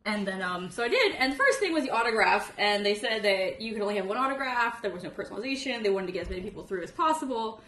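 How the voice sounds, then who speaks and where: Young woman guest, giggly storyteller, animated delivery, roomy echo on the mic. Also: mid-range voice, quick pace, few pauses, slight background noise. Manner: excitable, laughs often, rambling. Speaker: guest telling a convention story. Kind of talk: casual podcast chat.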